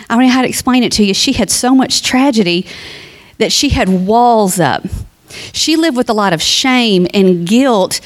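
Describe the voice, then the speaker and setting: A woman speaking at a funeral, giving a heartfelt, conversational eulogy that moves into a sermon and turns to the family directly. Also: mid-range voice. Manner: reads scripture aloud.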